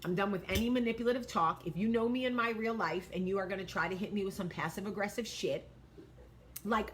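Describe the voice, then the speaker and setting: A woman in her forties hosting a vlog, giving blunt, profane, animated advice talk. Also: mid-range voice, fairly quick, a little hiss or hum. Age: 40s. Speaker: vlog host.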